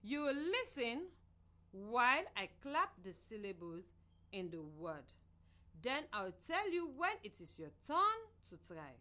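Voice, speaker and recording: A woman from Sierra Leone teaching a children's reading lesson on the radio in a slow, clear, sing-song voice. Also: fairly high pitch, sing-song, bright, forceful tone.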